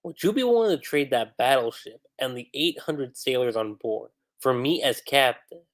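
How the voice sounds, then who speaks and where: A man's voice: medium pitch, expressive, moderate pace, natural voice. A man reading the earnest lines of a young male navy captain from a comic.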